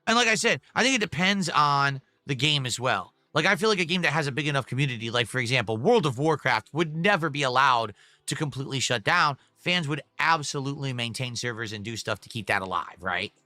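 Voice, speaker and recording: A man's voice: medium pitch, animated, a little fast, sharp tone, no echo. A man ranting indignantly on a live stream.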